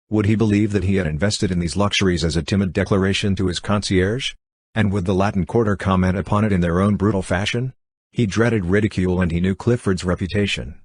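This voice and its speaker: A man narrating a classic novel as an audiobook in a steady, even reading. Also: sits low, husky, no room sound. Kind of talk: scripted narration.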